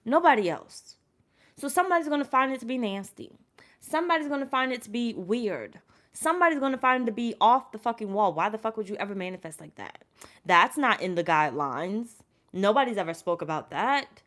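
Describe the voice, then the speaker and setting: A woman doing a casual tarot reading to her viewers, blunt and profane, addressing them directly and swinging between loud urging and quiet asides. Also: fairly high pitch, lively intonation, fairly quick. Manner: talks straight to her audience as "y'all". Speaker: tarot reader.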